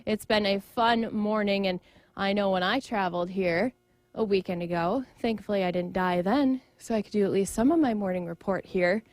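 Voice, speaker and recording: A woman's voice: mid-range voice, normal speed, dry recording. A woman field reporter giving a playful live news report from an indoor haunted attraction, joking that she has become a ghost.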